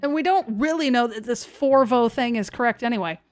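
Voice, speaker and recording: A woman's voice: fairly high pitch, a little fast. A woman hosting a live severe weather stream in a chatty, scattered, self-mocking way. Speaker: severe weather livestream host. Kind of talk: casual live commentary.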